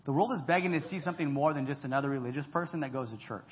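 A man preaching a conversational sermon, lively and joking as he talks straight to the congregation. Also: fairly high pitch, racing. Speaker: pastor. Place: church hall. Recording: echoey hall, dull lo-fi sound.

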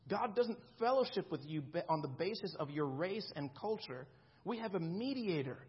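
A man's voice: high voice, lively intonation, moderate pace, breathy edge, muffled recording. A man in his thirties preaching a sermon in a conversational way, often checking in with the congregation. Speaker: pastor.

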